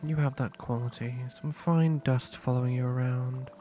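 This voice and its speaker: A man voicing a mysterious ancient spirit, reading game dialogue in a quiet, hesitant, halting way over game music. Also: medium pitch, fairly even intonation, natural voice. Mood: hushed, hesitant.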